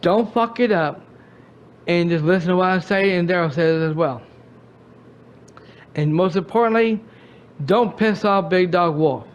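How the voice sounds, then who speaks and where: A riled-up man with a drawl and a voice that sits high for a man, scolding a friend in a long rant. His sentences keep stopping and starting over as he repeats himself. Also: measured pace, long pauses, smooth. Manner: angry, repetitive, stumbling restarts. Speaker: gaming channel host.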